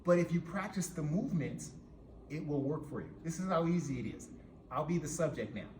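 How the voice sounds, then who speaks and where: A man's voice: on the high side, animated, brisk, distant mic. Emphatic male coach in an echoey gym. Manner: emphatic, keeps checking in with "right?". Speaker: jiu-jitsu coach for police. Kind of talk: hands-on demonstration teaching. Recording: echoey room with faint background noise.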